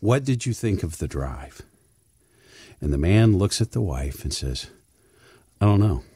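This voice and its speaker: A middle-aged man with a very low voice that rises and falls in a lively way as he tells a folksy story. He repeats words as he restarts his sentences. His voice is recorded close and dry. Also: unhurried, breathy edge, no room sound. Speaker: financial advisor guest. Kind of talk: casual chat with storytelling.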